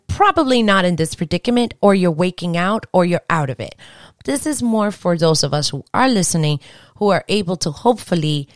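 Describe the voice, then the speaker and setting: Low-voiced, lively woman podcaster. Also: no room sound, clean studio sound. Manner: lively, earnest, rambling with restarts. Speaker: podcast host. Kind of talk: casual podcast monologue.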